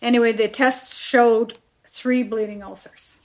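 A woman's voice: a little high, steady tone, a little slow, a little mellow. A middle-aged woman sharing a personal testimony, telling her story with animation and acting out what people said. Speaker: church member sharing testimony.

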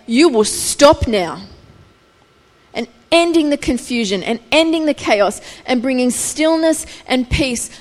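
Woman preaching in a reverberant hall. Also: high voice. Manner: reflective, explaining scripture with rising intensity. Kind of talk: sermon.

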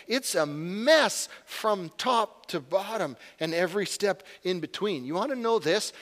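Earnest pastor preaching. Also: male voice, high-pitched, a bit bright. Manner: earnest, confessional, rising to urgent. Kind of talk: sermon. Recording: long hall reverb.

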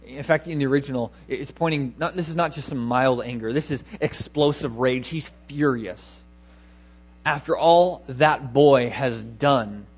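A man's voice: mid-range voice, slightly rough, lo-fi sound. A man preaching a sermon, emphatic, repeating key words and asking rhetorical questions.

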